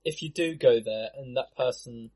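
A man's voice: mid-range voice, moderate pace, a little mellow. A man in a casual film commentary chat over a video call, self-deprecating and laughing.

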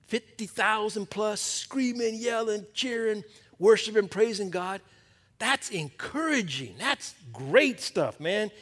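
A male pastor giving a sermon to a men's Bible study, preaching in a conversational, emphatic way that drops to a hush at times. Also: sits high, animated, slow pace.

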